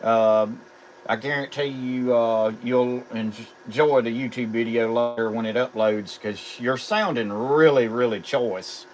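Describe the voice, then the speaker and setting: A man's voice: mid-range voice, unhurried, a little hiss or hum. A middle-aged man with a Southern drawl from South Carolina, chatting casually as a ham radio operator.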